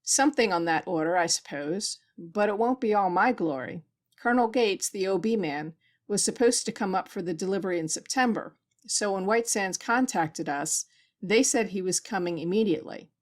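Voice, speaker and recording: A woman's voice: medium pitch, lively intonation, moderate pace, close to an everyday voice. A woman reading the lines of a tense male space station doctor, speaking in clipped, pressured sentences.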